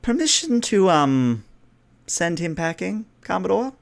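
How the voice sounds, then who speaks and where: Brief: a poised, mocking young alien princess, lilting and raised in pitch, played by a man, for a tabletop game. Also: very animated, measured pace, gravelly, heavily acted. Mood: teasing.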